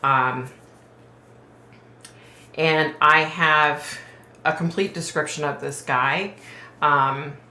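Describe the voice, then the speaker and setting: Low-voiced woman talking to viewers, lots of sighs and ums, bright tone, echoey room. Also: fairly even intonation, drawn-out words, long pauses, a little hiss or hum. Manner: emotional, hesitant, many ums and sighs. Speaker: psychic medium vlogger. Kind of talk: casual retelling to viewers.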